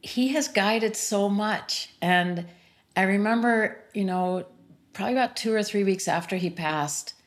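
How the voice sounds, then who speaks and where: A woman's voice: medium pitch, measured pace. A middle-aged woman and sound healer speaking earnestly and reflectively as a guest, with many "you know" fillers. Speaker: sound healer and interview series host, as guest. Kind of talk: personal conversation about grief.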